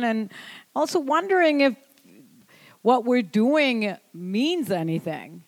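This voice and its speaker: A woman's voice: fairly high pitch, lively intonation, slow pace. A woman speaking reflectively in a casual podcast chat.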